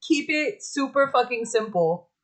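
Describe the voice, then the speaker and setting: Young woman streamer, high voice, slow and drawn out, cussing at her tech and singing to herself. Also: animated, a bit bright, slight background noise. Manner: profane, chatty, talks to herself while fiddling with tech; sings little ditties under her breath. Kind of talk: casual live-stream chat.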